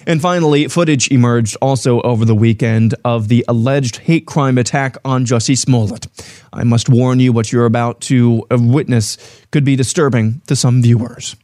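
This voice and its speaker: A man's voice: mid-range voice, fairly even intonation, moderate pace, a little mellow, faint music behind. A man hosting a talk show, running through the weekend's news in a wry, sarcastic way. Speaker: radio show host.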